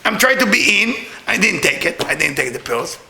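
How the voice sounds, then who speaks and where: Casting: middle-aged man, spiritual teacher, laughing storyteller, high gravelly voice, roomy echo. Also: normal speed, background noise. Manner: animated, laughing, repeats words. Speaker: Kabbalah teacher. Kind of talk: storytelling class talk.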